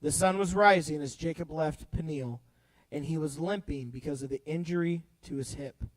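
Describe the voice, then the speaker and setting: A young man leading a youth group Bible talk, playful and animated, swinging between loud bursts and hushed storytelling. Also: fairly high pitch, normal speed, no echo, low-quality recording. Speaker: youth pastor.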